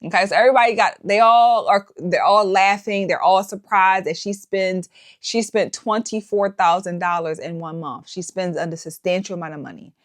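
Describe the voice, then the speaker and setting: A woman hosting a commentary show, talking casually and peppering her points with rhetorical questions. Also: mid-range voice. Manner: rhetorical, keeps asking "right?". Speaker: host. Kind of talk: commentary on social media clips.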